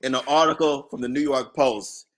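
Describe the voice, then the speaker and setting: A man's voice: medium pitch, fairly even intonation, moderate pace. A man co-hosting a podcast, recapping football games and reading out an article in casual chat. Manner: talks through sports recaps, reads out articles. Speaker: podcast co-host.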